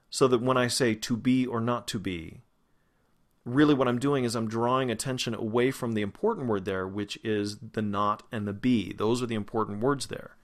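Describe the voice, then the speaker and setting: A man who is a vocal coach, giving a pronunciation lesson and slowly demonstrating single sounds and words. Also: mid-range voice. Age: adult, past grad school.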